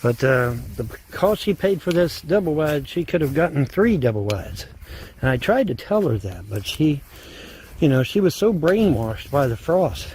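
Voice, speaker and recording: A man's voice: fairly high pitch, sing-song, moderate pace, darkish tone, a little hiss or hum. Rambling man cooing at his dogs outdoors. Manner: rambling, coos baby talk at dogs. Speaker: man filming his property. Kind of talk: casual handheld video narration. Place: outdoors in the rain.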